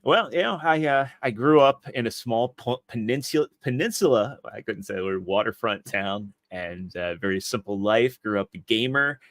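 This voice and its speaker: A man's voice: medium pitch, animated, normal speed, hardly any pauses, fairly bright tone, no echo. A man in his thirties, a podcast guest, telling long rambling stories with frequent restarts. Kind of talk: casual interview chat.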